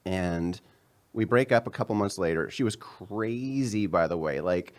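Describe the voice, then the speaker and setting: A man in his thirties, a comedian guest telling a story in casual chat and acting out the quotes. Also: unhurried. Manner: animated storyteller, acts out quotes in a higher voice.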